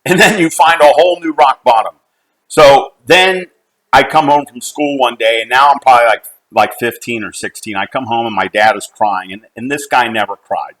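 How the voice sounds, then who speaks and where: Middle-aged man, mid pitch, earnest, halting, personal storytelling, restarts often. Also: fairly bright tone, poor audio. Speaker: company CEO.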